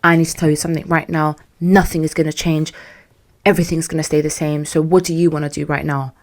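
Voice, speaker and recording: A woman voicing a bossy male camp leader, dismissive and lecturing, in a quiet, low-key tone. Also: little pitch movement, fast talker.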